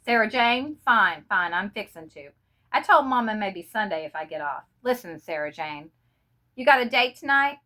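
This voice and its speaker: A woman's voice: medium pitch, animated, normal speed, pushed and bright. Woman reading as a homesick Southern lieutenant. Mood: earnest. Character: young Southern male army lieutenant, homesick.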